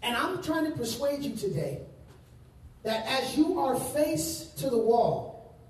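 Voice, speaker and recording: A male pastor preaching a sermon to a congregation, stressing words and stretching out key phrases slowly. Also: very high-pitched, sing-song, a little mellow. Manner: emphatic preaching with slow drawn-out phrases. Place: large room with congregation. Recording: very echoey room, distant mic.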